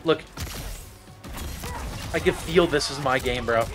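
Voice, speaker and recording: A man's voice: mid-range voice, slow. A man live-streaming a fighting game, talking to his chat in casual slang, cursing and calling people bro. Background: game music.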